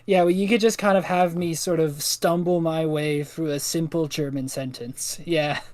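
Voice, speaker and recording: A man's voice: fairly high pitch, steady tone, moderate pace, a little mellow, no echo. A man chatting casually on a live stream, thinking aloud and stumbling as he translates. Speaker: co-host.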